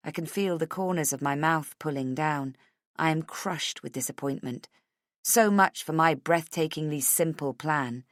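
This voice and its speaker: A woman narrating a first-person thriller audiobook in an expressive, tense storytelling manner. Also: low-pitched, moderate pace, no room sound, clean studio sound.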